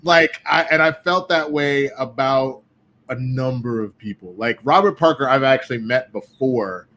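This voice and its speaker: Profane, animated man telling stories. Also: mid-range voice, moderate pace. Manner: profane, animated storytelling with quoted voices. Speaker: guest. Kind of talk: casual podcast chat.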